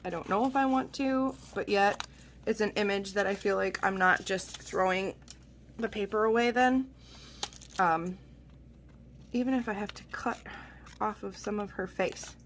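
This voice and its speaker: A woman's voice: medium pitch, a little slow, long pauses, a little hiss or hum. A woman rambling in a chatty, self-deprecating way as she talks through her journal crafting at home. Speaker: craft channel host. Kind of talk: casual chat while journaling.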